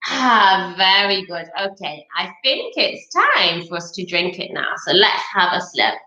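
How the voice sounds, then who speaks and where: A woman's voice: medium pitch, very animated, a little slow, bright, forceful tone, echoey room, lo-fi sound. A woman leading a children's yoga class in a playful, coaxing, sing-song way. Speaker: kids' yoga teacher.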